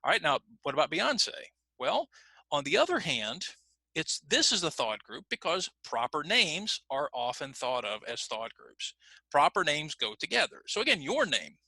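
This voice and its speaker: American guy teaching english over a video call, slows down on examples, super dry close mic. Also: a little high, sing-song, gravelly, bright, forceful tone, slightly rough, no room sound, low-quality recording. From United States. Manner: slow deliberate emphasis on examples. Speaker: ESL teacher. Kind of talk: online lesson explanation.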